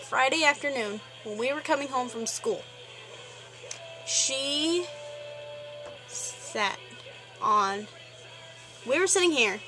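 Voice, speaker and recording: Exasperated teen girl ranting, bright voice. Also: a little high, low-quality recording. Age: teens. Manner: exasperated, rambling, many fillers. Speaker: vlogger. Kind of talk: ranting vlog.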